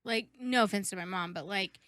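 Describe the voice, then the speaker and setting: A young woman talks casually on a podcast in a bright, lively-toned voice, emphatic and frank, with the odd swear word. The sound is close and dry. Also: medium pitch, fairly quick, no echo. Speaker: podcast co-host. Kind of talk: casual chat.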